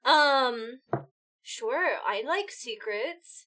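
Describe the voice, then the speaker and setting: Bubbly high-voiced woman streamer. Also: over loud music. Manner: bubbly and excitable, quick thank-yous to viewers. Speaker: live streamer. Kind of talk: casual chat with viewers.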